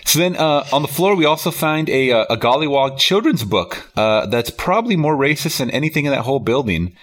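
A man recapping a movie plot in a loose, casual podcast chat. He rambles, leans on fillers like "you know" and "like", and laughs easily as he goes. His pitch sits in an ordinary middle range. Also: lively intonation, brisk, a bit bright. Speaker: podcast film reviewer.

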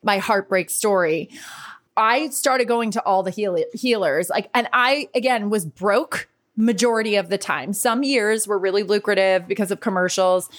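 A woman's voice: mid-range voice, moderate pace. Talkative, candid woman in her thirties from New York, a life-coach podcast host. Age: 30s. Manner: candid, chatty, swears freely. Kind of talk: casual podcast monologue.

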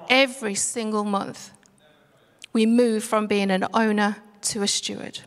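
A woman preaching a sermon in an earnest, measured way, slowing down to stress key words. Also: mid-range voice, steady tone. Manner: earnest, measured, slows for emphasis. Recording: music under voice, long reverb.

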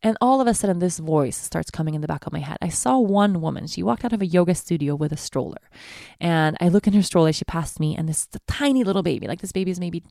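Woman, 20s, podcast host: candid confessional monologue, low gravelly voice, dry close sound. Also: animated, fast talker, mellow, no room sound. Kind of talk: personal monologue.

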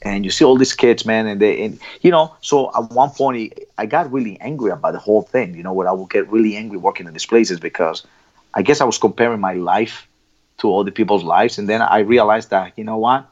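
A middle-aged Colombian man, a former Olympic athlete appearing as a guest, talks bluntly in a casual interview with a Colombian Spanish accent, swearing freely and often restarting sentences. His voice is on the low side, a little fast, with a darkish tone, and the lo-fi sound is dull.

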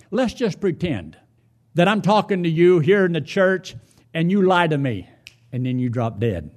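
A man preaching a sermon in a church, telling folksy stories and asking his congregation pointed questions. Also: a little high.

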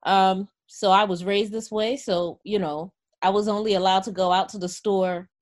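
A woman's voice: mid-range voice, fairly even intonation, normal speed. A woman co-hosting a casual group podcast, blunt and joking, swearing freely. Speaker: podcast co-host.

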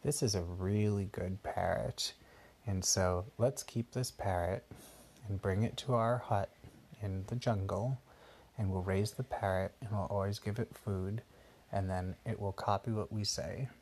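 A man voicing a toddler's kindly mother and father in an improvised bedtime story, keeping near his own plain, gentle voice. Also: lowish voice, fairly even intonation, measured pace, slight background noise. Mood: pleased.

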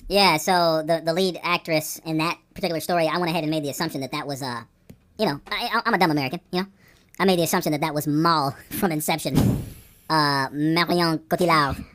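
A man in his forties co-hosting a casual chat podcast, animated and excitable as he jumps from topic to topic. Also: a little high, quick pace. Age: 40s. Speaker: podcast co-host. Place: Phoenix, Arizona.

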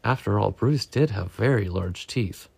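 A man reading a picture book aloud to a child at home, in a gentle, unhurried storytelling manner. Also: lowish voice, creaky, husky, no room sound.

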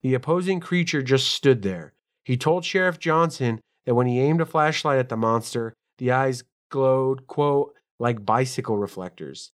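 A man co-hosting a podcast, reading notes aloud and riffing in casual, profane, excitable chat. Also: medium pitch, moderate pace. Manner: swearing, excitable, ramps up when telling stories. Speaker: podcast co-host.

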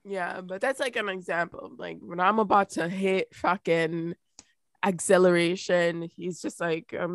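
A woman's voice: measured pace, no echo. A woman co-hosting a casual chat podcast, telling a story with lots of swearing and acted-out quotes. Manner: animated, profane, acts out quotes in a raised pitch. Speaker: podcast co-host.

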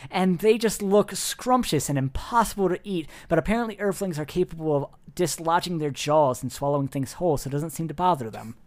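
A man's voice: on the high side, a little fast, few pauses. Man running a tabletop game. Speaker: game master.

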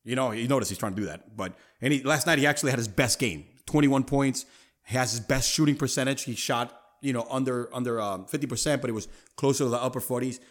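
A man's voice: medium pitch, quick pace. A man hosting a casual sports talk podcast, emphatic and full of slang. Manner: animated, emphatic, street slang. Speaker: podcast host.

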